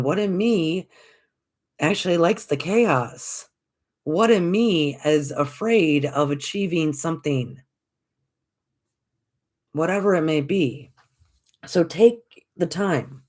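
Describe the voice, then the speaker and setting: A podcast host speaks in a gentle, encouraging way, working through rhetorical questions and coming back to the same reassuring phrases. The voice sits at an everyday middle pitch. It talks straight to listeners and calls them folks. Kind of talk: reflective spiritual talk.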